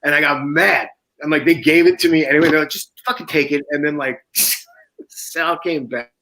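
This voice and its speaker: A man's voice: fairly high pitch, normal speed, sharp tone, rough recording. A man telling a raw personal story on a casual talk show, swearing often, laughing, and acting out the other people in it. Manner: profane, laughing, acts out quoted voices. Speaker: guest author.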